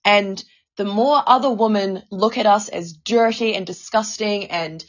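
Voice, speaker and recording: A woman's voice: mid-range voice, a little slow, dull audio. Stammering, swearing New woman. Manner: emotional, stammering, swears often. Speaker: podcast co-host. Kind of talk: casual podcast chat.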